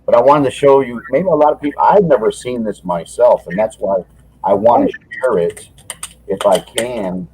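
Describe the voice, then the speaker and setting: A man's voice: medium pitch, moderate pace, dark tone, slight background noise, poor audio. A man from Michigan on a video call, rambling enthusiastically through a show-and-tell of a collector's item and getting short of breath when he talks long. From Michigan, United States. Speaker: collector sharing items. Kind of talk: casual video chat.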